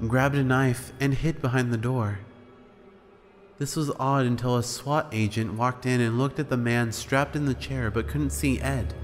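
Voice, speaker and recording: A man's voice: mid-range voice, in a large hall. A man reading a creepypasta horror story aloud in a casual storytelling manner. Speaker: creepypasta narrator.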